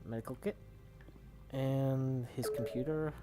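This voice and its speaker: A man's voice: medium pitch, steady tone, unhurried, mellow, faint music behind. A man hosting a let's play, giving rambling, casual gameplay commentary with the odd swear.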